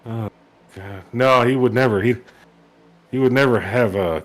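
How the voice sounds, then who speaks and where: A man's voice: medium pitch, unhurried, pauses often. A man doing casual commentary on a sim race, joking and sarcastic in banter with his co-hosts.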